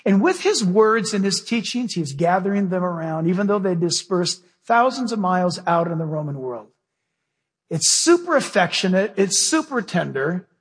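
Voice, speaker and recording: Male pastor, high and husky, folksy and emphatic, preaching in a church with long hall reverb. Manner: emphatic, folksy preaching with direct questions to the congregation. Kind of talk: sermon. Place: church sanctuary with a live congregation.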